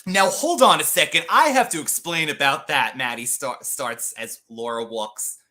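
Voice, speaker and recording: A woman co-hosting a comedy podcast, reading a holiday movie script aloud with animated, dramatic reactions. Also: low voice, normal speed. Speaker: podcast co-host.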